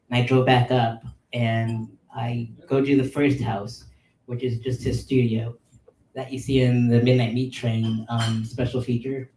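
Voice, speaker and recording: A man in his thirties casually telling a long personal story on a podcast, animated and full of likes and ums. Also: medium pitch. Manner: animated, filler-heavy with many likes and ums. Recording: roomy sound, mic at a distance.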